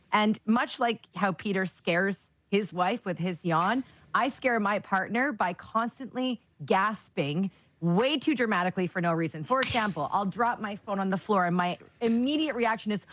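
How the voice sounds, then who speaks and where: A woman who hosts a radio show, chatting playfully and telling quick stories. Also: mid-range voice, a bit bright, dry recording. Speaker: radio host. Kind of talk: casual chat.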